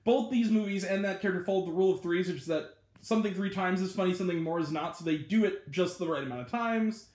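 High-voiced chatty man reviewing a movie. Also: quick pace, a little mellow. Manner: rambling and chatty, heavy on filler words, laughs at his own retellings. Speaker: movie reviewer, channel host. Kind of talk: casual spoken movie review. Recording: roomy echo.

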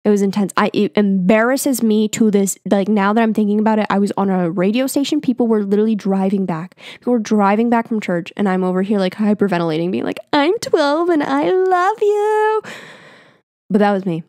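A woman's voice: mid-range voice, steady tone, quick pace, hardly any pauses, darkish tone, no echo. Chatty young woman podcast host, dry. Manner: chatty, filler-heavy, self-mocking. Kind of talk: casual storytelling. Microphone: podcast mic.

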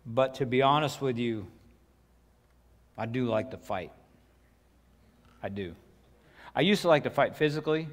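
A man's voice: medium pitch, a little slow, pauses often. A middle-aged male pastor preaching a sermon in a casual, folksy way, full of asides and repeated words. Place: church sanctuary. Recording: reverberant church hall.

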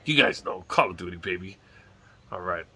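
A man's voice: low voice, expressive, moderate pace, bright, forceful tone, breathy edge. A middle-aged man from Hawaii with a light lilt, rambling casually and swearing now and then as he chats on his porch. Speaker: vlogger. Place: outdoors on a home porch.

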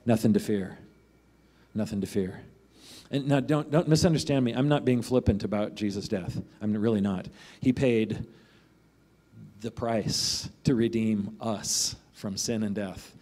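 A man's voice: on the low side, unhurried, a little mellow. A man preaching a sermon as a pastor, in a conversational way, often asking "right?" and acting out the voices of the people in the passage he reads.

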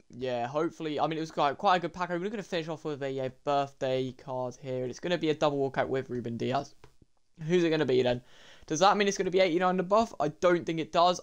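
A young man, commentating his game pack openings in an excitable way and talking to viewers as lads and boys. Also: a little high, clean tone. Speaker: gaming YouTuber.

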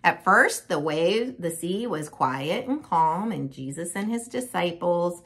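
A woman telling a Bible story to young children in an animated, sing-song manner, like a children's Bible teacher. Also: fairly low pitch, measured pace, few pauses, slightly rough.

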